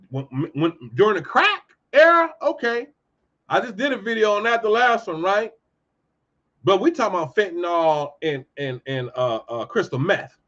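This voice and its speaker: High-voiced man ranting, lo-fi audio. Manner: heated, ranting, swings from loud outbursts to low muttering. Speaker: commentary host. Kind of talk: casual commentary monologue. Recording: dull lo-fi audio.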